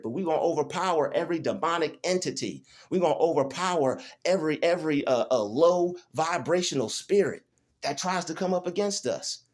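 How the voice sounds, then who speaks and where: A man, filming a defiant, preachy rant in a small room, repeating his phrases over and over. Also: a little high. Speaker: vlogger. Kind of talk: emotional self-filmed rant. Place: small rented room indoors.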